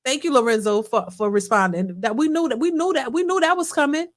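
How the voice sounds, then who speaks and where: A woman's voice: high voice, fairly quick. A woman hosting a live reaction stream, talking emphatically and often repeating herself while addressing her chat. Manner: emphatic, repetitive, talks to chat. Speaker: reaction channel host. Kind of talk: casual live reaction commentary.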